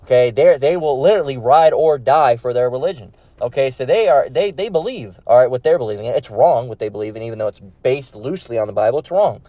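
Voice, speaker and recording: A man gives informal religious commentary in a halting way. He repeats words, restarts his sentences and leans on fillers. His voice sits in a middle range and is recorded close and dry, with no room sound. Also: medium pitch, expressive, dark tone, no echo. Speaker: online preacher.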